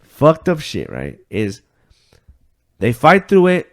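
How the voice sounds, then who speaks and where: Male podcast co-host with a slightly raised pitch, telling a story in a swearing, rambling style. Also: huge pitch swings, slow pace. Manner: profane, rambling retelling with filler words; acts out quoted voices. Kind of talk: casual chat, retelling a story.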